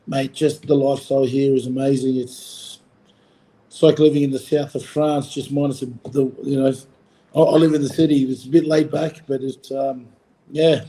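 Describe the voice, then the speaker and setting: A man's voice: mid-range voice, little pitch movement, moderate pace, warm tone, poor audio. A man in his forties with an Australian accent, a rugby coach chatting casually in an interview, rambling with lots of fillers and restarts. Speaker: rugby coach, former player. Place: Fiji.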